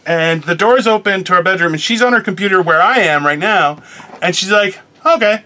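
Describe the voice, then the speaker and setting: High, bright-voiced man rambling. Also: fairly quick. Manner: rambling storyteller, laughs often; acts out quoted voices. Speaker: podcast co-host. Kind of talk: casual chat.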